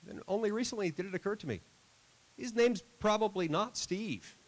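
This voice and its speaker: A man's voice: high voice, normal speed, poor audio. A middle-aged man giving a school assembly speech, telling a self-deprecating story with dry humor. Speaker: senator.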